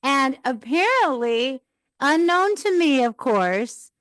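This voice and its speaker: A woman's voice: sits high, very animated, slow pace, a bit bright, dry recording. A woman hosting a live podcast, telling an earnest, rambling personal story as a mom. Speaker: podcast host.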